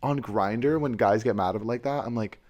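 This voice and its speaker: A young man co-hosting a podcast, talking in a sassy, animated way, swearing freely and calling people mama and girl. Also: mid-range voice, normal speed. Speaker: podcast co-host. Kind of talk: casual chat.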